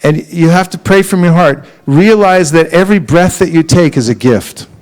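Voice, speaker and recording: A man giving a lively, humorous devotional talk at a temple and leading group chanting. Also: on the high side, normal speed, rough recording. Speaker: spiritual teacher.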